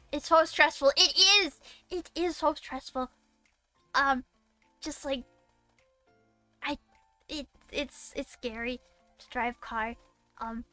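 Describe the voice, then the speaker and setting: Young woman, VTuber streamer, casual live-stream chat, high voice, dry close sound, rambling, giggly. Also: pushed and bright, dry recording. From Massachusetts. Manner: rambling and giggly, with many fillers and restarts.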